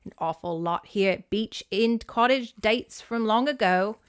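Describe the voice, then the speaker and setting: A woman voicing a brisk, welcoming elderly great-aunt in an exaggerated mock British accent, reading a storybook aloud. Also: medium pitch, smooth, lightly acted. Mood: apologetic.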